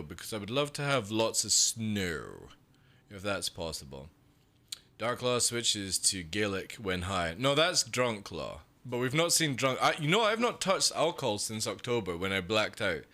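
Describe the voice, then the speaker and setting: A young British man with a medium-pitched, sharp voice chats casually on a livestream. He rambles, swears and laughs while reading the chat.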